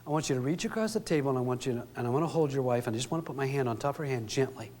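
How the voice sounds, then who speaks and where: A man's voice: medium pitch, very fast, a little mellow, slight background noise. Man giving a seminar in a reverberant hall. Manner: storytelling, acts out quoted dialogue. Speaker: relationship seminar speaker. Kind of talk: live seminar talk.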